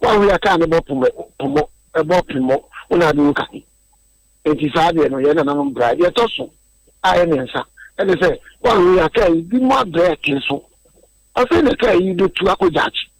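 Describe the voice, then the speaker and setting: A man's voice: a little high, animated, moderate pace, dry recording, rough recording. A man explaining a topic earnestly on a radio discussion, often repeating words as he goes.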